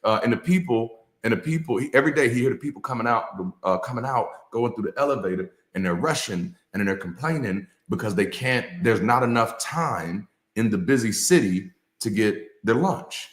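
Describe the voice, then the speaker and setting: A former pastor talks through a motivational session in a loose, preachy rhythm, hammering phrases by repeating them. He mixes slang and cursing into the talk at a mid-range pitch. The room gives his voice a noticeable echo. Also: animated, brisk, hardly any pauses. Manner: casual, with slang and swearing. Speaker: ex-pastor and co-host. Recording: echoey room.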